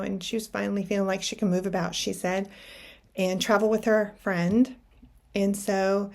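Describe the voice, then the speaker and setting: A middle-aged woman with a slightly gravelly voice tells a personal story at a mid pitch. She is reflective and anecdotal, often restarting her sentences as she talks. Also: a little mellow. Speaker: podcast host.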